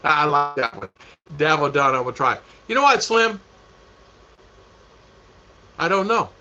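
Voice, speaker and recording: Male vlog host chatting to a live chat, bright tense tone, rambles and repeats, muffled stream sound. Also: on the high side, big pitch swings, measured pace. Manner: rambling, repeats himself, laughs a lot. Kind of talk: casual livestream chat. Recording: dull lo-fi stream audio.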